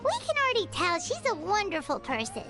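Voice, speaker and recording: A woman's voice: very high voice, wildly swooping pitch, fairly quick, full character voice. A woman voicing a tiny, bubbly girl guide who speaks of herself in the third person, in a video game. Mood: cheerful. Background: game music.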